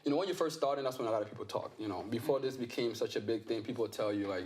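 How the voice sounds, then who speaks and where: Brief: man, comedy guest, chatty and playful, mid pitch, faint background hiss. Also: fast talker, a little mellow. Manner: playful, joking, filler-heavy. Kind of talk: casual interview chat.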